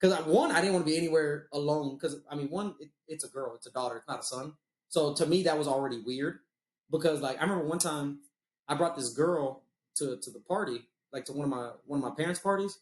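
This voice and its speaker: A man's voice: fairly high pitch, quick pace, roomy sound. A man telling loose, profane stories in casual chat, laughing at his own jokes. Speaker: podcast host.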